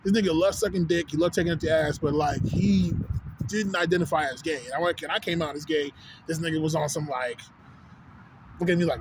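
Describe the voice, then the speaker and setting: Out on a city street, this man speaks briskly in a slightly high voice with fairly even intonation, and there's background noise. He's a Texan-accented vlogger on a rambling, profane casual rant who keeps asking "you know what I'm saying" to make sure you follow.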